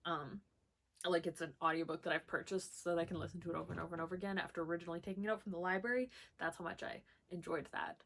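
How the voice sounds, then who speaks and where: A woman's voice: on the low side, fairly even intonation, rapid-fire, a bit bright, slight background noise. A young woman recording a book vlog at home, chatting casually through a list of questions, rambling with lots of fillers and gushing about what she loves. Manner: bubbly, enthusiastic gushing. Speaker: book vlogger. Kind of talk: casual chat, answering a book tag.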